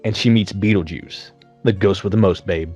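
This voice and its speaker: A man's voice: low-pitched, moderate pace, breathy edge, faint music behind. A man hosting a casual film review chat over beers, retelling scenes with lots of swearing. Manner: profane, lively scene-by-scene retelling. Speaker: podcast host.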